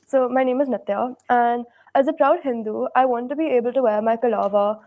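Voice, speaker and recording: A woman with a higher voice reads her prepared question aloud at a debate. She rattles it off quickly, sounding earnest and rehearsed. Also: fairly even intonation, warm tone. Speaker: audience questioner.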